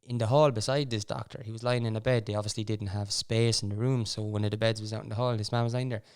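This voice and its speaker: A young Irish man with a lowish, smooth and resonant voice chats casually as a podcast host. He rambles through his stories, keeps breaking off to restart, and drops in wry little asides. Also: steady tone, quick pace, darkish tone. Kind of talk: casual storytelling chat.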